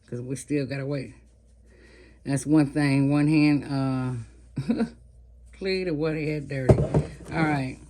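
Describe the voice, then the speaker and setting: With a rumbling low voice and background noise behind her, a cooking vlogger in her fifties or older talks casually to her audience. She seasons and fries chicken as she goes.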